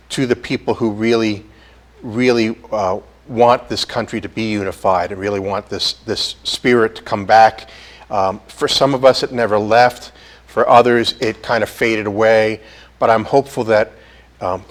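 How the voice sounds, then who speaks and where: Male host, earnest, measured, somewhat low voice, thanking his guest. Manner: earnest, measured, with fillers and restarts. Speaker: interview show host. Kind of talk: interview host wrap-up.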